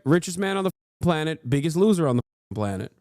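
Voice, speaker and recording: A man in his thirties doing casual livestream commentary from home, profane, excitable and mocking as he rants about the news. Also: fairly high pitch, fast, no room sound, studio quality. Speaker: streamer reacting to news. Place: home streaming room.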